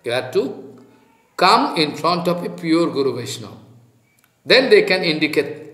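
A spiritual teacher preaches in halting, animated but unhurried. His voice sits high and moves slowly. The sound rings in a roomy, echoing space. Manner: slow, halting, animated storytelling with chanted Sanskrit verses. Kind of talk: devotional sermon with storytelling. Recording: roomy echo.

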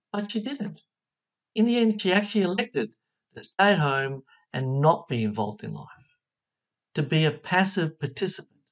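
A spiritual teacher giving a motivational talk, voice swinging widely in pitch. The delivery is expressive, with frequent questions put straight to the listener.

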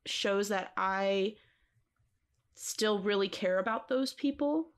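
A woman co-hosting a casual podcast conversation, her voice sitting at an ordinary middle pitch. She talks expressively and emphatically, leaning into her words and laughing easily. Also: slow pace. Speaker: podcast co-host. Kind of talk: casual chat.

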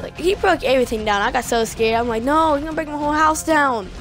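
A woman giving casual, excitable gameplay commentary, retelling the action by quoting herself. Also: sits high, fast talker. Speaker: gaming video creator. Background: music.

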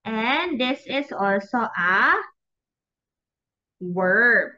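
A woman preschool teacher with a Filipino English accent, slowly sounding out letters and words in a phonics lesson for small children. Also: on the high side, expressive, sharp tone, lo-fi sound. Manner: sing-song, drawn-out, sounds out letters.

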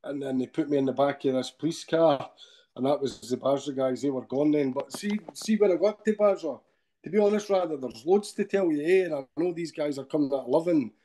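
A Scottish man, middle-aged, tells his story as a podcast guest in a mellow, dark voice that sits a little high for a man. He rambles from one point to the next and keeps tagging his lines with a questioning "eh?". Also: a little fast. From Scotland. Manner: rambling retelling with frequent tag questions.

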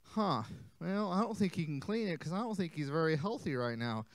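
Guy doing a nice helpful kid, eager, pretty lively voice, barely changed from his own. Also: on the high side, a little fast, no room sound. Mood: kind. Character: helpful young boy.

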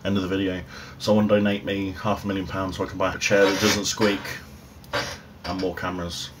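In a low, level, brisk voice, a man offers a laid-back food review from home, dry and wryly self-mocking. The overhead phone camera picks up his audio along with faint room noise.

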